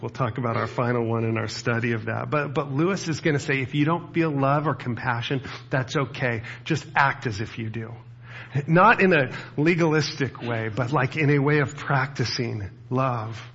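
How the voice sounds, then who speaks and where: A man's voice: medium pitch, a bit bright, husky, muffled recording. A man preaching a casual sermon as a pastor, talking to the room with rhetorical asides. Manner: conversational, with rhetorical asides to the audience.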